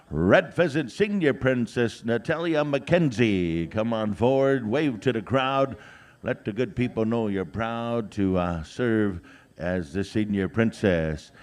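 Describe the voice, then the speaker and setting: Joking male powwow emcee. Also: mid-range voice. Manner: drawn-out announcing of names, many "uh" fillers, joking asides. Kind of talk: live announcing with jokes. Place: outdoor powwow grounds.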